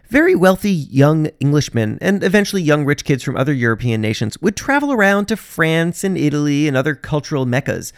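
A man's voice: a little high, dry recording, clean studio sound. A man hosting a podcast, narrating from a script with wry, sarcastic asides. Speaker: podcast host.

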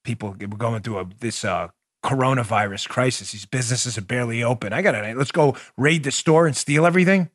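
A man's voice: mid-range voice, brisk, no room sound, studio quality. Indignant male political podcast host. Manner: impassioned, indignant, stumbling restarts.

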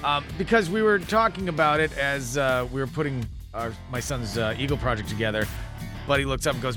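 A man's voice: medium pitch, brisk, music in the background. A man co-hosting a morning radio show, joking and laughing in casual banter. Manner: jokey, laughs often, animated.

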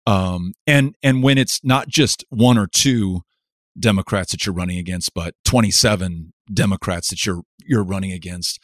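This earnest, reflective interview features a middle-aged politician from West Texas whose lowish voice keeps halting and starting over. He stacks his ideas into parallel, rhythmic lists. The sound is close and dry, with no surrounding room.

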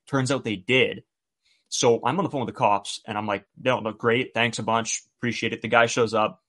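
A man's voice: medium pitch, steady tone, normal speed, a bit bright. A man co-hosting a podcast, casually retelling a story and acting out the quoted dialogue. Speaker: podcast co-host.

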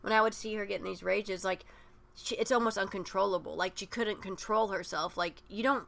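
Brief: woman podcast co-host, bright and gravelly, rambling storyteller. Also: mid-range voice, fairly quick. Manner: rambling, many "like" fillers, acts out quoted voices. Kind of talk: personal storytelling in casual chat.

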